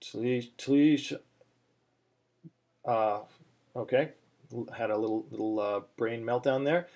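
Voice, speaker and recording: A man's voice: on the low side, normal speed, a little mellow. A man teaching a chanting lesson, explaining step by step with many fillers and restarts, now and then breaking into chant. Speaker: cantillation teacher.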